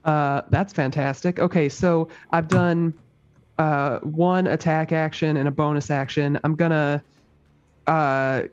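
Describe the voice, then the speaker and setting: A man playing in a tabletop game, excitable and halting, with many fillers. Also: a little high, clean tone. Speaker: player. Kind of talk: casual tabletop game play. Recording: muffled lo-fi audio with faint music.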